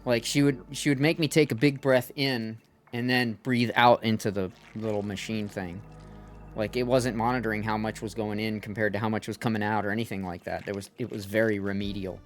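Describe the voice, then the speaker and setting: A man's voice: lowish voice, steady tone, a little fast, soft background music. A male streamer, chatting and venting animatedly while gaming. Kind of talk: casual chat while gaming.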